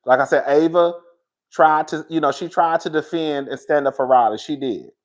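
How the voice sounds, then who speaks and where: Talking directly to viewers at a moderate pace, a fairly high-voiced man gives casual reality TV commentary in vlog form. He's candid and profane, restarting lines and straying into side remarks until he circles back to what he meant to say.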